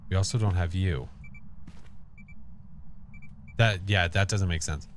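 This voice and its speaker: A man live-streaming a horror game, chatting with viewers and calling out to the ghost in a jokey, animated way, recorded at a home streaming setup on a desk microphone. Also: deep voice, fairly quick, a little hiss or hum. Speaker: gaming streamer.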